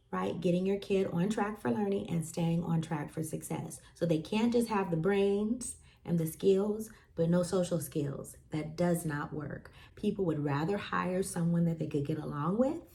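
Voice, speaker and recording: Chatty woman host, low-pitched. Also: gravelly, mellow. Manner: chatty, storytelling with lots of fillers and acted quotes. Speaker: podcast host. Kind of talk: casual talk to parents.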